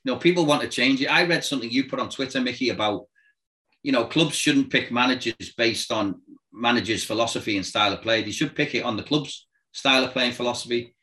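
A former football manager telling lively anecdotes in casual chat, acting out voices and noises and laughing often. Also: male voice, mid-range voice, quick pace, poor audio.

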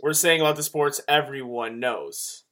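A man co-hosting a podcast, chatting casually in a rambling, animated way. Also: medium pitch, moderate pace. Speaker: podcast co-host. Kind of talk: casual chat.

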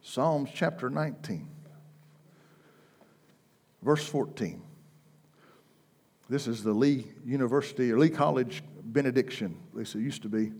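A man preaching a sermon, impassioned, swinging between loud, soaring declarations and hushed, intense passages. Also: mid-range voice, a little slow, pauses often, slightly rough. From United States.

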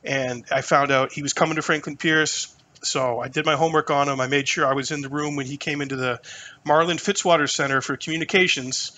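Animated, swearing man telling stories. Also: fairly high pitch, fairly quick. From New Hampshire. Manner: animated, profane, lots of fillers. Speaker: podcast guest. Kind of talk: casual storytelling conversation.

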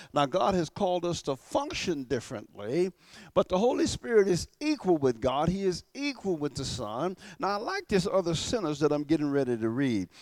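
A man's voice: fairly high pitch, a little mellow, dry recording. Emphatic male pastor preaching. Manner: emphatic, slows down to stress key words; repeats words and restarts often. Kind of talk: sermon. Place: church.

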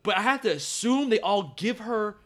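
A man's voice: high-pitched, normal speed. A young man in casual movie talk, sarcastic and swearing often, acting out lines as he rants. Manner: animated, sarcastic, swears often, acts out quotes.

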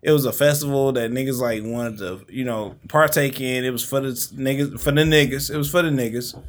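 A man's voice: mid-range voice, brisk, slight background noise. A man co-hosting a podcast, chatting casually and rambling with lots of fillers and swearing. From Detroit. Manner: rambling, heavy fillers and profanity. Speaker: podcast co-host. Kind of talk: casual chat.

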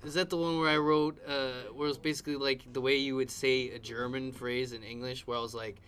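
A man co-hosting a podcast, trading crude casual jokes in halting sentences with quick comebacks. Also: medium pitch, flat delivery, a bit bright, a little hiss or hum.

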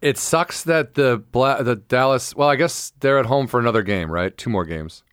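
A man co-hosting a casual podcast, rambling excitedly about sports and now and then bursting into loud impressions. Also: medium pitch, moderate pace, clear, resonant tone, no echo, studio quality. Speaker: podcast co-host. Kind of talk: casual chat.

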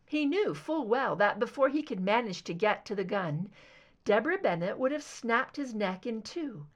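A woman narrating a fan fiction audiobook with steady, expressive storytelling. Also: on the high side, moderate pace. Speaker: audiobook reader.

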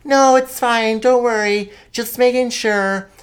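A man's voice: very high-pitched, steady tone, slow pace, clean tone, voice pushed up. A young man voicing his worried mother, who keeps asking anxious, repetitive questions. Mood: fretful. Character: fussy worried middle-aged mother.

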